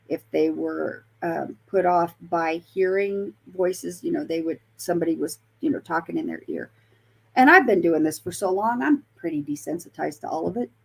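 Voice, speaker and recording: A woman's voice: fairly low pitch, gravelly, darkish tone. A woman from Colorado, a paranormal investigator, chatting as a guest with many fillers and restarts. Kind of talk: casual storytelling interview.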